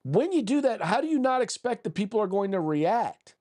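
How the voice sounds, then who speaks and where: A man's voice: high voice, sing-song, fairly quick, dark tone. A man hosting a political podcast, combative and blunt, who reads news articles aloud, often restarts and repeats words. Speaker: podcast host.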